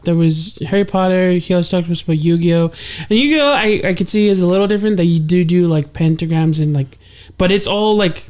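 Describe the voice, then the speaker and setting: A young man co-hosting a podcast, explaining things quickly in casual chat with lots of fillers. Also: a little high, darkish tone. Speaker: podcast co-host.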